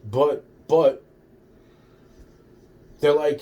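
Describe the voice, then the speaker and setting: Rambling, swearing man with a dark voice. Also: mid-range voice, expressive, a little slow, pauses often. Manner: rambling, profane, many restarts and quoted dialogue. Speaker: vlogger telling a personal story. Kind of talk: rambling first-person storytelling.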